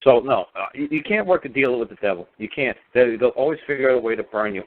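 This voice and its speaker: Radio talk guest, male, mid-pitched, insistent and repetitive, phone-quality audio. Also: expressive, quick pace. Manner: emphatic, repetitive, defiant. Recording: tinny phone-like line.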